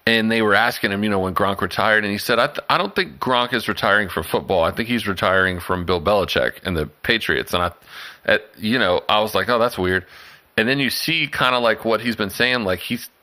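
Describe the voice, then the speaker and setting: A man's voice: on the low side, brisk. A man co-hosting a casual sports podcast, telling stories with plenty of swearing. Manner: animated storyteller, swears freely. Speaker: podcast co-host.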